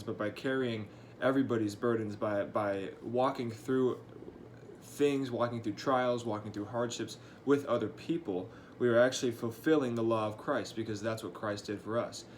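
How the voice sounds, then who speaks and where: A young man, a high school church intern, giving a short, earnest devotional talk in a casual way with restarts and fillers. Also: slight background noise. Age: young adult.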